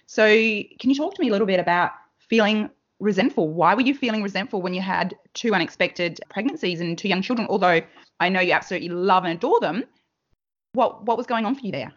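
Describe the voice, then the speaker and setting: A woman's voice: medium pitch, fast, lo-fi sound. A woman hosting a podcast interview, asking her guest questions. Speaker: podcast host.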